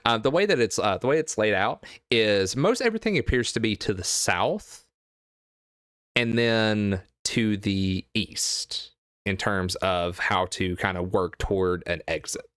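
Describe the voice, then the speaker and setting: A man narrating a tabletop game as game master, halting with many fillers and restarts. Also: on the low side, fairly bright tone, smooth, no echo, clean studio sound.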